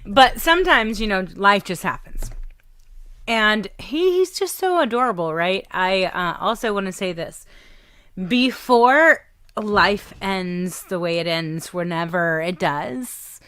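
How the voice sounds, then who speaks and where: A woman with a Southern American accent hosting a radio show, chatting warmly and gushing about the music with frequent laughs. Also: medium pitch, slow pace, clean tone, no echo. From Southern United States. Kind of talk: casual radio show chat.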